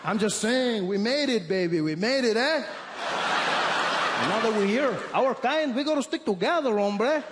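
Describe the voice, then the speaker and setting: A man putting on a brash, excited young man with a Mexican Spanish accent, talking loud and fast. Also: extremely high pitch, pitched above the performer's own voice. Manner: loud, rapid, chummy, shouting. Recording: echoey theater with crowd noise.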